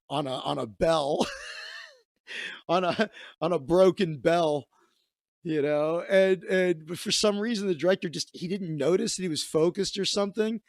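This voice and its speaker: A man's voice: on the high side, vocal fry, no echo, studio quality. A man hosting a comedy show, telling a rambling story in a casual monologue with asides and laughter. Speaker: comedian host.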